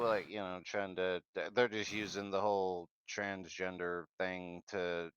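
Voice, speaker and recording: A man's voice: low voice, little pitch movement, unhurried, hardly any pauses, a bit bright, smooth, highs cut off. A man co-hosting a podcast in casual chat, blunt and profane, rambling with lots of fillers. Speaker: podcast co-host.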